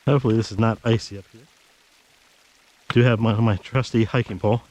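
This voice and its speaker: A man's voice: fairly low pitch, steady tone, fast, a little mellow, low-quality recording. Chatty man narrating a snowy hike. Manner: chatty, gives his dog firm commands. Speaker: hiking vlogger. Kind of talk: casual narration while hiking. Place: snowy wooded trail outdoors. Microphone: action camera.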